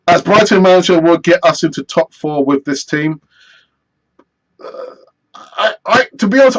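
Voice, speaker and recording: A man hosting a live football fan stream, chatty and animated as he answers viewer messages. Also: sits high, dull audio. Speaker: football fan channel host.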